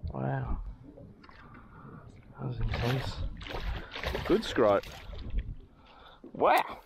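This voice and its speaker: A man's voice: medium pitch, expressive, very slow, vocal fry. An Australian man vlogging while fishing on a boat, exclaiming and joking in playful slang. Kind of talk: excited fishing banter. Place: outdoors on a boat at sea. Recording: noisy outdoor boat audio.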